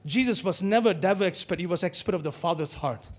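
A man preaching to his church with a high, lifted voice. He keeps the sermon animated and pulls the congregation into call-and-response. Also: quick pace.

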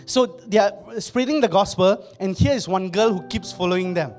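High-voiced man preaching a casual sermon. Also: normal speed, a little mellow, soft background music. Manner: conversational, laughs often, acts out quotes. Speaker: pastor. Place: church.

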